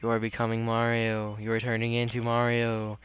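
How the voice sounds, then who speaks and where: A man's voice: mid-range voice, normal speed, smooth, no room sound, natural voice. A man reading aloud the lines of a scheming male turtle-wizard hypnotist from a game. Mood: hypnotizing. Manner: reads game text aloud in a flat voice. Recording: tinny lo-fi with faint music.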